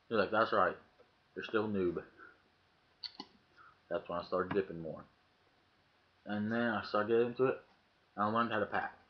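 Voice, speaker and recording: A man telling a story casually to his webcam, swearing freely and acting out the lines of people in it. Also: lowish voice. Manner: profane, acts out quoted lines in the story. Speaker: vlogger. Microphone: webcam mic. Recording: dull lo-fi webcam audio.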